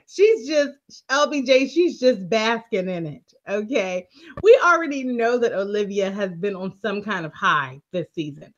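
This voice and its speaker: A woman co-hosting a show recap, telling the story with animated energy and frequent laughter. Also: fairly high pitch, lo-fi sound. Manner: animated storytelling, laughing often, keeps addressing co-host. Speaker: co-host. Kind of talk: casual recap chat.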